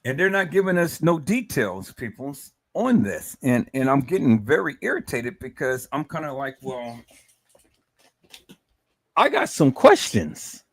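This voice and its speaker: A man hosting a livestream, talking emotionally and stammering, with words repeated, agitated outbursts and soft trailing off. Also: medium pitch, big pitch swings, moderate pace, hardly any pauses, dry recording. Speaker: livestream host.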